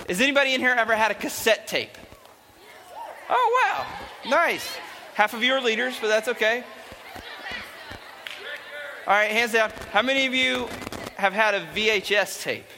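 Bright-voiced young man speaking to a crowd. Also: sits high, in a large hall. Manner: animated, playful, chatty. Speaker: youth speaker. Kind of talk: youth talk to a live audience. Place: large hall with an audience.

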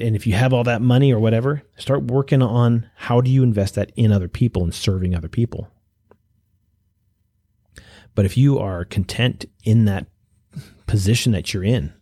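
Male podcast host, low husky voice, earnest and exhorting, dry close-mic sound. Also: mellow, no echo. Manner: earnest, exhorting, with restarts and pauses. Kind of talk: motivational monologue.

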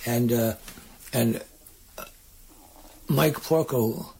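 An older man, a singer-songwriter guest, telling rambling, halting stories in a casual interview. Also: medium pitch, dark tone, a little hiss or hum. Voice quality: raspy, gravelly.

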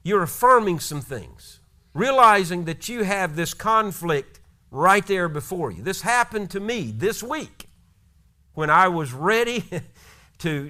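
A pastor delivers a sermon in an earnest, exhorting manner, retelling scripture stories. His voice is high for a man and bright and forceful. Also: very animated, unhurried.

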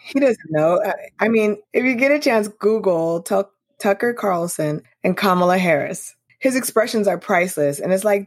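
A woman's voice: mid-range voice, animated, moderate pace, few pauses, no echo, studio quality. A woman co-hosting a podcast, chatting casually and enthusiastically. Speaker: podcast co-host. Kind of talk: casual chat.

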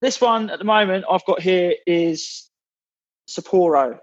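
A man's voice: high-pitched, expressive, a little slow, vocal fry, highs cut off. A man from England, a podcast guest in casual chat, blunt and swearing, with many restarts as he grumbles.

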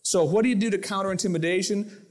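A man preaching a sermon to his congregation, lively, acting out the voices in his quotes and stories. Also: high voice, fast talker. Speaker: pastor. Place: church sanctuary.

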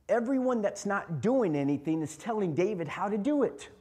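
A man's voice: high voice, lively intonation, normal speed, few pauses, dark tone. A man preaching a sermon as pastor, impassioned and repeating lines for emphasis.

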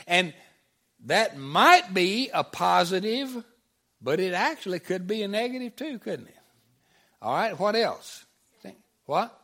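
A man's voice: high voice, a bit bright. A middle-aged man preaching a sermon to a congregation, talking conversationally, asking the room questions and repeating back their answers. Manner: conversational, repeats audience answers, many restarts. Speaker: pastor. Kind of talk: sermon with audience call-and-response.

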